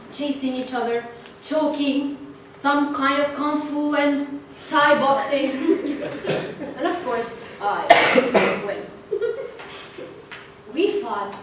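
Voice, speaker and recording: A young woman giving a prepared club speech, telling a playful story with animation. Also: high-pitched. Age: young adult. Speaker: club speaker. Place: meeting room. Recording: echoey room, distant mic, background noise.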